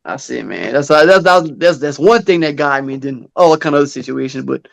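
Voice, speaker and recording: A man's voice: medium pitch, moderate pace, vocal fry, highs cut off. A man, co-hosting a podcast and telling an earnest story. He talks casually and acts out quoted dialogue. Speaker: podcast co-host.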